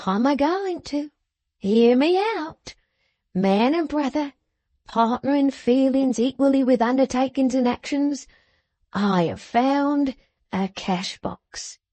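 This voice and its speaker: A woman voicing a pompous, scheming older man who talks in florid, drawn-out, wheedling phrases. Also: high voice, warm tone, no echo, pitched above the performer's own voice.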